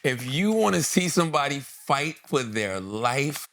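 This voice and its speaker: A man's voice: mid-range voice, very animated, a little slow, fairly bright tone, slight background noise. A middle-aged man co-hosting a comedy podcast, telling stories animatedly and laughing often as he acts out quotes. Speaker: podcast co-host. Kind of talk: casual comedic chat.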